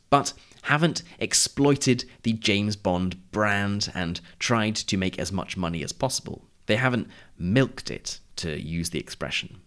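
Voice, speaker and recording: Brief: male lesson host, slightly low voice, clear measured read. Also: a bit bright. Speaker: podcast host. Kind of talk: scripted narrated lesson.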